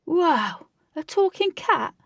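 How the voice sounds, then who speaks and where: A woman voicing an excitable, easily startled young man in a storybook reading, with loud, high exclamations. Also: moderate pace, gravelly, dry recording.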